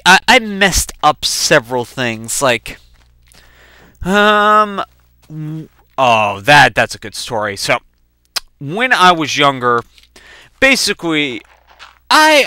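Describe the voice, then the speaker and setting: A young man rambling through profane, animated personal anecdotes while playing a video game. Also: a little high, slow pace, clean tone, no echo. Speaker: let's play gamer. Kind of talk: casual storytelling while gaming.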